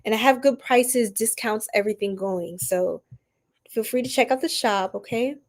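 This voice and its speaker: A woman's voice: fairly high pitch, normal speed. A woman hosting a casual live stream, greeting viewers by name and laughing often. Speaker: tarot reader and live stream host.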